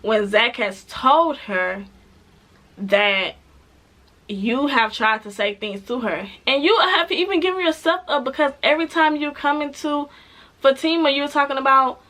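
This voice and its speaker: Bright-voiced chatty woman recapping a show. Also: high-pitched, unhurried. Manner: chatty and animated, with laughs and acted-out quotes. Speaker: TV show reviewer. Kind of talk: casual recap vlog.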